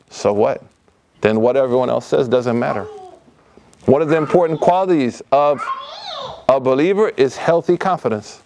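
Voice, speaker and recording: A middle-aged man giving an informal religious lecture to youth in a mosque hall, talking in lively, casual street slang and acting out the voices of people in his stories. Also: on the high side, a little hiss or hum. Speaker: lecturer at a youth study circle. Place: mosque hall, live audience.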